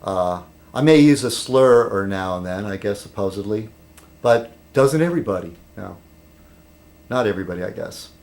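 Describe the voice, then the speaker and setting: Rambling man with a lively voice. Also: lowish voice, normal speed. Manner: meandering, self-interrupting, dry humor. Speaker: vlogger. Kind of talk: rambling casual monologue.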